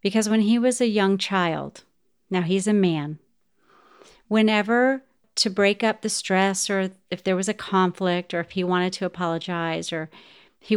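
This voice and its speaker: With a clear, resonant mid-range voice, a middle-aged woman addresses her podcast listeners directly. She recounts a personal story in a sincere, heartfelt way.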